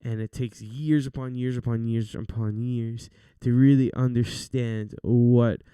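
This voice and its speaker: Young man, casual faith podcast host, earnest, encouraging, smooth resonant voice, dry close mic. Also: medium pitch, fairly even intonation, a little slow, dark tone, no echo. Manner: earnest, chatty, preacher-like encouragement.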